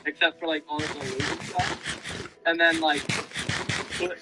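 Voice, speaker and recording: A man's voice: on the high side, steady tone, moderate pace, pauses often, over loud music, rough recording. A man chatting casually over voice chat while gaming, rambling and repeating himself, swearing now and then. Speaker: gamer. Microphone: online voice chat mic.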